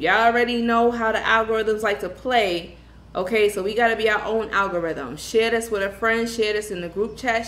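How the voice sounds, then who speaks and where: A woman from Brooklyn, hosting a tarot livestream in casual chat and greeting viewers with slangy shout-outs. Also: mid-range voice, slight background noise. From Brooklyn, New York. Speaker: tarot reader livestream host. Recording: echoey room with faint ambience.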